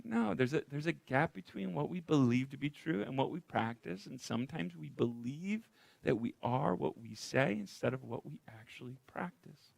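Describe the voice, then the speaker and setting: A man's voice: fairly high pitch, lively intonation, normal speed, vocal fry, dry recording. A man preaching a conversational sermon as pastor, often repeating rhetorical questions to the congregation. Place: church.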